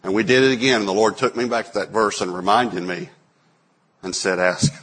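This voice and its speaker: Husky-voiced pastor preaching a sermon. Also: male voice, on the low side, brisk. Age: 40s. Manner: storytelling, acts out quotes with sudden loud bursts.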